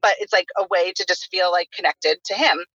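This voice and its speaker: Fast, bright-voiced woman chatting. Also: on the low side, slightly rough, dry recording. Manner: chatty, heavy use of "like" fillers. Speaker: podcast host. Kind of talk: casual podcast chat. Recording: dull lo-fi sound.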